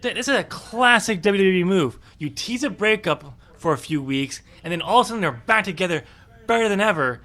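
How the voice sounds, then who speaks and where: A man's voice: high voice, expressive, fairly quick, bright, forceful tone. A man co-hosting a wrestling podcast in casual chat, opinionated and chatty, with frequent ums. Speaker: podcast co-host.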